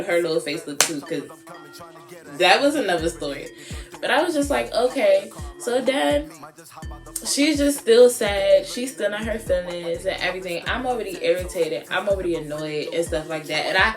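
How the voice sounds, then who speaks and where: Woman vlogger, casual storytime, sassy and lively, lower voice, echoey room, music bed. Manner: sassy, animated, drawn-out words. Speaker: beauty vlogger.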